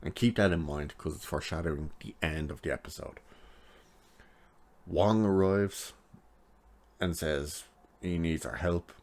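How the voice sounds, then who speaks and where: A man's voice: low voice, unhurried, long pauses, a little mellow. A man giving a chatty, sarcastic recap of a TV episode, laughing at his own jokes. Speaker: TV episode reviewer.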